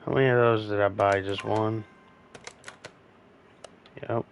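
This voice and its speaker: A man's voice: fairly low pitch, little pitch movement, a little slow, a little hiss or hum. A man casually commenting on a car repair game, rambling to himself and yawning now and then. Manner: rambling, talking to himself while working. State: sleepy, yawning. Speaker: gaming streamer.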